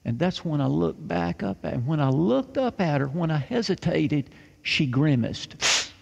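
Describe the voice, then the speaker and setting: Folksy man with a gravelly voice. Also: a little high, big pitch swings, a little slow. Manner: folksy, repeats key phrases for effect. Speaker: storyteller. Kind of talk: storytelling to a live audience. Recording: reverberant hall sound.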